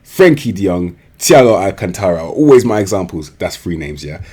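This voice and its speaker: A young man talks through a football management game in loose, slangy chat. His husky, fairly low voice swings widely in pitch as he jokes and mocks. The tone is sarcastic and casual. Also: a little mellow. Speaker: gaming streamer.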